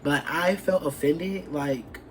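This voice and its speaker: A young adult woman vlogger telling an animated, profane story from her past and acting out what people said. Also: low-pitched, slow, slight background noise. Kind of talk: storytime vlog.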